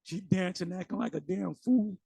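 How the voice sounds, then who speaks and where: A man with a high, gravelly voice teaches scripture in a loose, conversational way, speaking straight to his listeners and pushing them to look things up. The sound is dry and close. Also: fairly even intonation, moderate pace, mellow, no room sound. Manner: conversational and challenging, addresses listeners directly. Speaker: Bible teacher.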